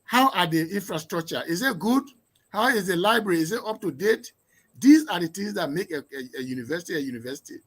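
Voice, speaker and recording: A man from Liberia, an education professor, answering interview questions in an emphatic, lecturing way, firing off strings of rhetorical questions and swinging sharply between loud and soft, quick and slow. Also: sits high, animated. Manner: sweeping shifts in loudness and pace.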